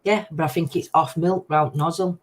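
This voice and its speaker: A woman's voice: deep voice, fairly even intonation, moderate pace. A woman hosting a casual late-night chat, giggly and hyper, telling rambling stories. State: sugar-hyper and giddy. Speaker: livestream host.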